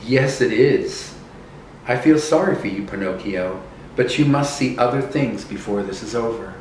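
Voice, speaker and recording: A man voicing a kind female fairy godmother with silver wings, who asks questions in a gently insistent way. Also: mid-range voice, moderate pace, a little hiss or hum, lightly acted. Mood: probing. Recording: echoey room from a distance.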